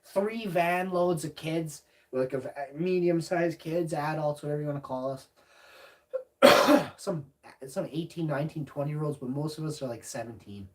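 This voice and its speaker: A young male live streamer, his voice on the high side and set back from the mic, tells a brash, profane story at a moderate pace. It's a rambling, casual livestream monologue from a room at home at night, and he acts out his own shouts.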